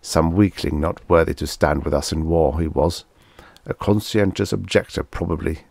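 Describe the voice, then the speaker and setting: A man's voice: very deep voice, moderate pace, vocal fry, darkish tone, no room sound, full character voice. A man reading the part of a blustering, zealous male passenger who talks in a snappish, contemptuous way. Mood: scornful.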